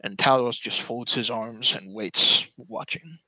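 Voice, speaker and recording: A man running a tabletop game as game master, with a bright, tense voice and casual, halting narration. The sound is dry and close to the mic. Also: mid-range voice, dry recording, poor audio. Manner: casual and hesitant, with fillers.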